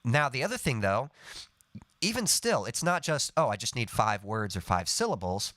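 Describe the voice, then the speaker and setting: A man's voice: mid-range voice, very animated, normal speed, a bit bright, no echo. A man teaching songwriting on a live stream, explaining patiently and humming short melody snippets to show his points. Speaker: songwriting coach.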